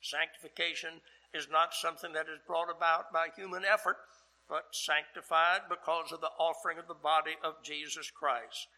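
An older man preaching a sermon as pastor, earnest and deliberate, pausing between phrases. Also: a little high, little pitch movement, sharp tone, poor audio.

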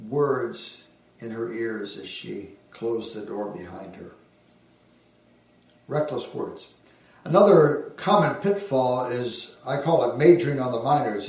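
A man preaching as a pastor, earnest and emphatic, slowing down to give phrases weight. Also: medium pitch, a little mellow. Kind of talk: sermon. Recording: very echoey hall, heard from a distance.

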